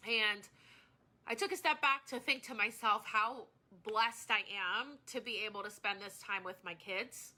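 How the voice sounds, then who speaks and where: A woman in her thirties talks to her live-stream viewers in a very bright, fairly high voice. She is a small business owner who speaks earnestly and from the heart. She often rambles and starts sentences over. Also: unhurried.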